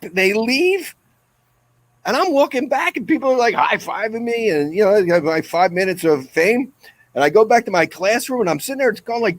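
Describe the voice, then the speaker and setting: A man, the guest, telling a comic story in an animated, excitable way. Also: extremely high pitch, no echo. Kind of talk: comedic storytelling.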